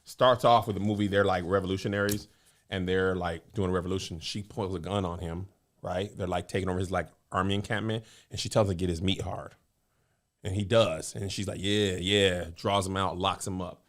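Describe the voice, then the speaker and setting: A man with a lowish voice chats as a podcast co-host. He retells stories with animation, slipping into little voices for quotes. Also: fairly quick. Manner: animated storyteller, acts out quotes. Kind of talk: casual chat.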